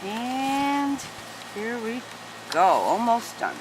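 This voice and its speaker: Lady walking you thru origami folds at home, lively up-and-down voice, noisy room with dogs around. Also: on the high side, very slow. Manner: patient step-by-step instruction, chats to her dogs. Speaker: origami teacher. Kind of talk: hands-on craft tutorial.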